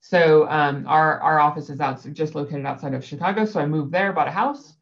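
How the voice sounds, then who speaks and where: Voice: mid-range voice, brisk, creaky. Rambling guest with a dull lo-fi sound. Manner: rambling, lots of fillers, laughs easily. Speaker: guest, sales director. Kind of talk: casual conversation.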